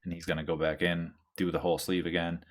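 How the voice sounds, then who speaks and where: A man's voice: deep voice, flat delivery, fast. A man hosting a tattoo podcast, talking in a laid-back, rambling way with lots of fillers and the odd swear word. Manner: reads out listener questions. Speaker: tattoo artist and podcast host. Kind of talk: casual chat.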